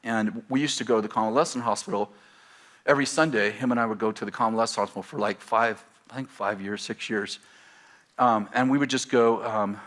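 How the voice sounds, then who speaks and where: A middle-aged male pastor telling a story from the pulpit, lively and laughing at himself. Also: medium pitch. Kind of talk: storytelling sermon.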